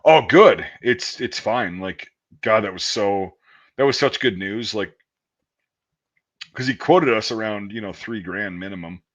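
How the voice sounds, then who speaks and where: A man's voice: on the low side, unhurried, fairly bright tone. A man in his thirties telling profane, rambling army stories in casual chat. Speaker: podcast host. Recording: dull lo-fi audio.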